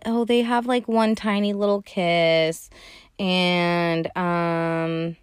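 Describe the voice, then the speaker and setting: A young woman hosting a podcast, recapping a film in a casual, profane, animated way with sassy asides. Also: on the low side, extremely slow, clean tone, dry recording, studio quality. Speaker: podcast host.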